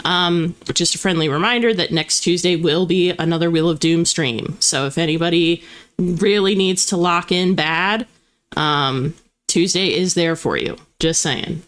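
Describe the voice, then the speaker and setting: A young woman with a slight Southern US twang, hosting a livestream and chatting casually with viewers, laughing often and rattling off quick auctioneer-like spiels. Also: lowish voice, a bit bright. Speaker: livestream host.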